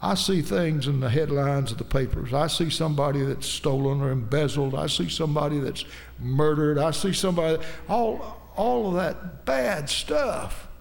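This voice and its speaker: Preacher man, gravelly, kinda high voice, booming in a big reverby church. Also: a little fast. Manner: emphatic preaching that rises into shouts. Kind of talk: sermon. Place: church sanctuary. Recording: long hall reverb.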